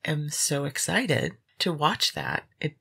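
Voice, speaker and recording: A woman co-hosting a podcast in casual chat, trading playful deadpan quips. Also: low-pitched, takes it slowly, vocal fry, breathy edge. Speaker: podcast co-host.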